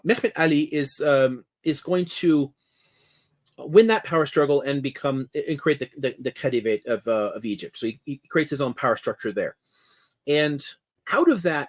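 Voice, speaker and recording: A man's voice: on the high side, lively intonation, moderate pace. Man lecturing history on a video call. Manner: thoughtful, discursive, laughs easily. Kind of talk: explanatory lecture in casual conversation. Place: home office with a monitor, indoors.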